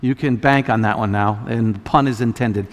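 A man preaching a sermon as a pastor, conversational with many restarts, building to loud emphatic peaks. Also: fairly low pitch, moderate pace, big-room sound.

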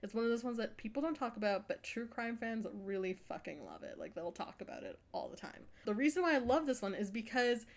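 A woman with a slightly high voice, talking excitedly and casually about a TV show she loves. Her delivery is loose and conversational, with the odd curse word. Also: quick pace, few pauses. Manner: enthusiastic, swears casually. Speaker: podcast co-host. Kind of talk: casual chat about true crime TV.

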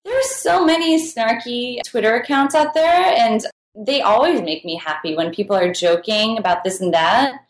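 A woman's voice: a little high, lively intonation, normal speed. Chatty woman in an echoey room. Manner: chatty and giggly, with frequent laughs. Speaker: podcast guest, food writer. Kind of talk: casual interview answers.

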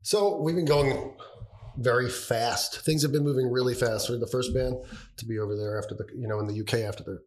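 A man co-hosting a podcast in casual chat, rambling and halting as he talks, with a cough that keeps breaking in. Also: mid-range voice, darkish tone. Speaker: podcast co-host.

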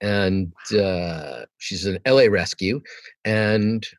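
A man from New York, a meditation teacher and podcast guest, talking in a relaxed way and telling stories in which he acts out the voices of the people he quotes. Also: takes it slowly, dry recording. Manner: animated storyteller who acts out quoted dialogue in a higher voice. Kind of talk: relaxed storytelling conversation.

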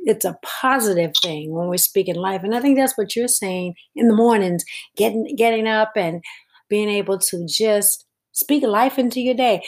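A woman co-hosting a casual spiritual podcast, earnestly explaining scripture in steady, flowing runs. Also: medium pitch. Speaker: podcast co-host.

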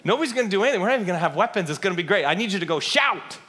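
A man's voice: high-pitched, animated, very fast, sharp tone, pitched above the performer's own voice. A man voicing God as a breezy, confident male voice, quoted casually in a sermon.

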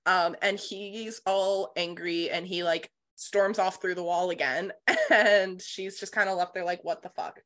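A woman co-hosting a podcast, retelling a novel's plot in casual book-club chat, animated and sprinkled with swearing and "like". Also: on the low side, measured pace. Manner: animated retelling, swears freely, filler 'like'. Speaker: podcast co-host.

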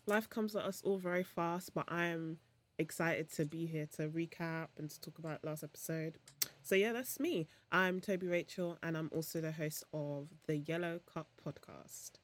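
A woman's voice: low voice, moderate pace. Young woman co-hosting, dry and teasing, easy casual talk. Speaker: podcast co-host. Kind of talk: casual podcast chat.

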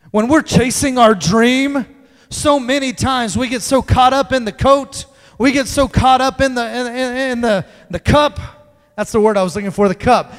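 A man with a high voice preaches a sermon. He swings from loud, emphatic lines to hushed ones. His voice trails off into a long reverb in a church hall.

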